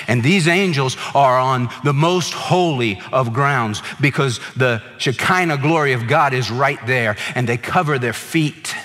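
Preaching pastor in a reverberant hall. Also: male voice, fairly high pitch, fairly bright tone. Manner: preaching with emphatic repetition. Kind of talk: sermon.

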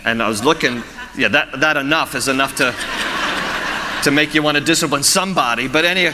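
A man's voice: mid-range voice, brisk, in a large hall, noisy background. A man preaching a sermon as pastor, storytelling with humor and frequent chuckles.

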